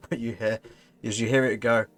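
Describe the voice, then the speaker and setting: A man narrating as game master of a tabletop fantasy game, rambling and correcting himself as he goes. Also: medium pitch. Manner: rambling, self-correcting narration with frequent laughs.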